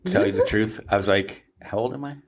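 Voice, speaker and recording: A man in his fifties hosting a casual podcast chat, talking haltingly with many fillers and restarts. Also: fairly low pitch, sing-song, slight background noise. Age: 50s. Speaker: podcast host.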